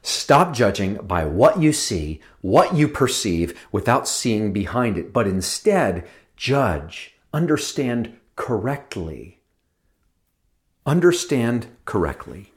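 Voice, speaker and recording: A man preaching with a low voice that swings widely in pitch. He is a guest speaker, reflective in tone, and he lingers on phrases and drops in small asides. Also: big pitch swings, slow pace. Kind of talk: sermon.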